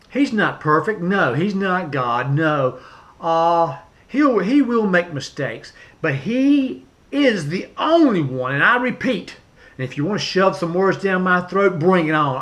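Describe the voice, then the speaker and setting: A man, pitched a little high for a man, delivers a political rant to camera. He talks emphatically and repeats phrases, stumbling through fillers and restarts. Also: fairly bright tone. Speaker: vlogger.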